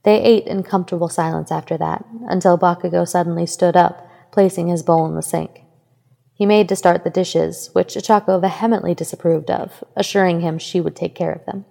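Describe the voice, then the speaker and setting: A woman narrating a fan fiction story in a steady, even reading voice. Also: lowish voice, brisk, creaky, in a large hall. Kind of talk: scripted narration.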